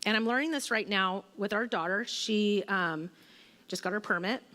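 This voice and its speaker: A woman's voice: medium pitch, normal speed, sharp tone. A woman in her forties giving a church teaching talk to women, conversational and relatable, with personal stories and fillers. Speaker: women's ministry speaker. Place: church hall. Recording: long hall reverb.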